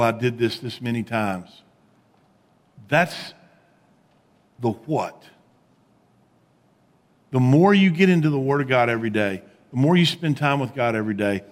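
A man preaching a sermon as pastor, animated, with rising emphatic peaks and quiet low asides. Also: big-room sound.

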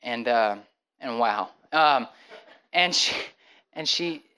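A young man tells his own story before listeners, like a testimony, at a medium, ordinary pitch. He acts out the back-and-forth dialogue and often stumbles over repeated words as he goes. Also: smooth, poor audio. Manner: animated, acts out the dialogue with many quick restarts. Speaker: speaker sharing a personal testimony.

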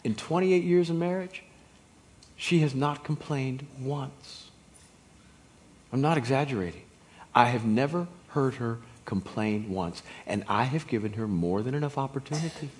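A man in his fifties preaching a sermon in an emphatic, folksy way that rises to shouts. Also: medium pitch, unhurried. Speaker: pastor.

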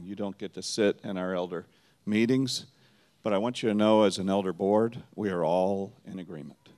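A man's voice: low-pitched, moderate pace, darkish tone. A man speaking as a church elder, addressing the congregation with earnest encouragement. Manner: earnest and encouraging, building in intensity. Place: church sanctuary.

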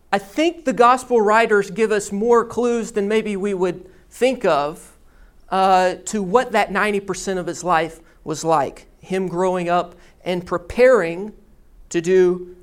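A pastor preaching a sermon, telling a story and teaching in a deliberate storytelling manner. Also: medium pitch, clear, resonant tone.

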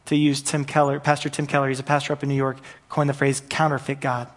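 A man's voice: medium pitch, completely flat delivery, fast talker. A man preaching a sermon as pastor, earnest and repetitive, building in intensity at the peaks.

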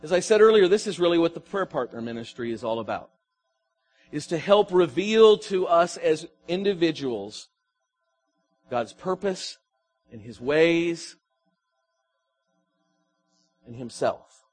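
Preaching man with a high voice. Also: lively intonation, a little slow, long pauses, a little mellow, breathy edge, faint music behind. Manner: preaching with swelling and falling emphasis, asking the congregation questions. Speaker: pastor. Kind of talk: sermon.

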